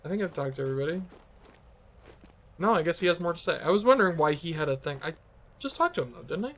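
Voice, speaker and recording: Man streaming a game, casual, rambling, laughing, bright and slightly high voice. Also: lively intonation, fast talker. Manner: self-deprecating, laughing, rambling. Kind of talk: casual gameplay commentary.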